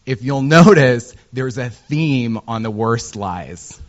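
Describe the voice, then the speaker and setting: An American user researcher from Indiana gives a conference presentation, joking and poking fun at himself, with many ums and uhs. His mid-range voice is animated, and he takes it slowly. The recording sounds muffled.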